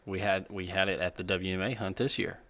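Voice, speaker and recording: A man's voice: sits low, flat delivery, fairly quick, a bit bright. A man co-hosting a podcast, chatting casually and mostly chiming in with short agreeing replies. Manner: brief agreeing responses. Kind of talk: casual chat.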